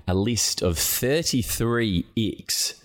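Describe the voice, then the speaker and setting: A man's voice: lowish voice, expressive, slow. A young man hosting a casual solo podcast, rambling and self-deprecating as he talks through his week. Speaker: podcast host.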